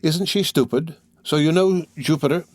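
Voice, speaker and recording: A man's voice: a little high, moderate pace, a little mellow, no room sound, studio quality, voice pushed up, lightly acted. A man voicing a shy, easily flustered young woman in a storybook reading. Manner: easily confused.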